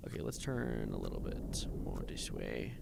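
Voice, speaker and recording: A man's voice: extremely low pitch, huge pitch swings, moderate pace, gravelly, heavy background noise. A man streaming a game live, nervously muttering coordinates, reading chat and breaking into sudden exclamations. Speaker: livestreamer playing a game.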